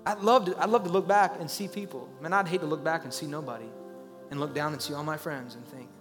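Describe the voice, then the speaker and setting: A man preaching a sermon as a pastor, talking conversationally and rising into loud, urgent pleas. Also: high voice, lively intonation, quick pace, long reverb tail, soft background music.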